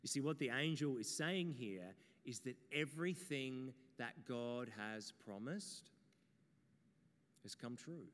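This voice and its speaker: A man's voice: mid-range voice, slow pace. A man preaching a sermon, telling stories and speaking straight to his listeners. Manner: storytelling, animated, addresses the audience directly. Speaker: pastor. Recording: long reverb in a hall.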